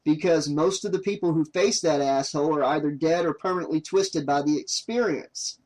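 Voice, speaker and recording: A man voicing a bitter survivor of a killer, talking gruffly and curtly. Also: a little high, normal speed, darkish tone, lightly acted. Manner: gruff, curt, angry.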